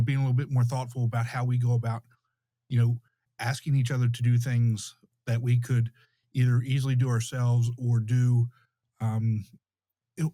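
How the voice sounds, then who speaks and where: A man hosting a podcast, talking reflectively in a halting, conversational way. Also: medium pitch, warm tone, no echo. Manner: reflective, halting, many restarts. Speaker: podcast host. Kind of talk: conversational interview.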